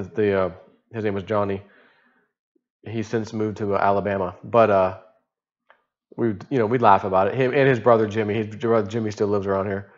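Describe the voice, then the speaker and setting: A man's voice: mid-range voice, dull audio. A man telling a personal story in a casual monologue, rambling, chuckling and swearing offhandedly. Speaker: vlogger.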